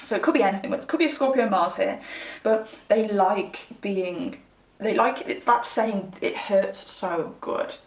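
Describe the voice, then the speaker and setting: A woman's voice: medium pitch, normal speed, reverberant, recorded from a distance. A young woman chatting candidly to her viewers while giving a pick-a-card tarot reading. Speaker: tarot reader.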